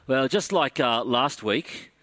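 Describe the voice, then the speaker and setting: A man's voice: medium pitch, lively intonation, slow pace, a bit bright. A man, a pastor, preaching a conversational sermon to a church congregation, with dry sarcastic humor.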